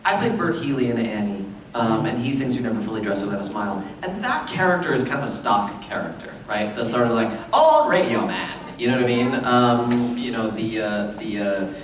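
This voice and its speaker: Man, convention panelist, rambling, laughs a lot, booming hall echo, mic far off. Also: sing-song, brisk, hardly any pauses, noisy background. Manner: rambling, self-deprecating, laughs often. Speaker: voice actor panelist. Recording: echoey hall, distant mic.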